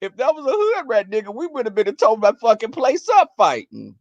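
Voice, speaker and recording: A man telling crude stories in a casual rant to his viewers, profane and animated, acting out quarrels in a shrill voice. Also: fairly quick, no room sound, muffled recording.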